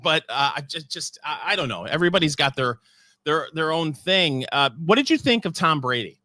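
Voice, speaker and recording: Man, bright tone, dry close sound, wry humor, casual football chat. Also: on the high side, expressive, brisk, dry recording. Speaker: co-host.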